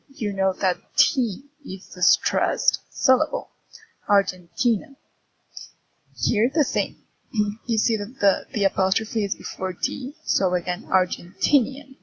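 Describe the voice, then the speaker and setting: A woman with a very husky, breathy voice gives a pronunciation lesson at an unhurried pace. She goes through the words one by one, careful and clear. The recording is dry and a little dull. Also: medium pitch, dry recording. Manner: slow, careful, repeats each word clearly. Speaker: English teacher.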